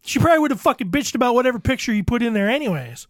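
Brief: foul-mouthed exasperated comic storyteller, mid-pitched voice, dead-dry mic. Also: big pitch swings, very fast, dry recording. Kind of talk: profane comedic rant.

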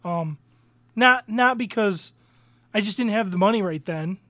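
Casual podcast co-host: a high-voiced man, rambling and hesitant, dry recording. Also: measured pace, sharp tone, no echo. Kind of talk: casual chat.

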